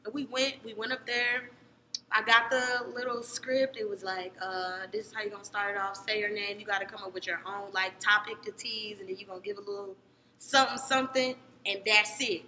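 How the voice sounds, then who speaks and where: A young woman from Cleveland telling a story in casual podcast chat, animated, jumping between loud excited bursts and low murmurs. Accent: American, Cleveland. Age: young adult. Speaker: podcast co-host. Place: podcast studio. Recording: echoey room with long reverb, faint noise.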